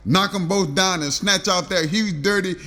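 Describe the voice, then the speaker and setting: A man's voice: high voice, normal speed, sharp tone. A man narrating a rambling comic story, stringing long lists of insults with filler "uh"s.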